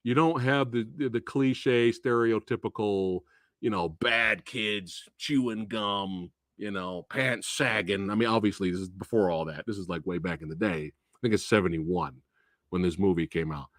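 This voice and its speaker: A man hosting a live stream, talking about a film in an animated, profane way with frequent laughs. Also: on the low side, normal speed, no echo, studio quality. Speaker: movie reviewer and host. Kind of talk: casual live-stream movie talk.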